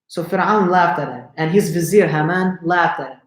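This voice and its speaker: A man's voice: a little high, normal speed, hardly any pauses, reverberant, poor audio. A man telling a religious story to a live group, conversational and often checking in with his listeners. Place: lecture room.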